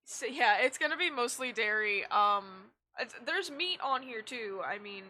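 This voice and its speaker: A woman's voice: on the high side, lively intonation, unhurried, bright, forceful tone, slight background noise. Blunt, swearing woman streamer. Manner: blunt and profane, rambling. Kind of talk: casual chat while gaming.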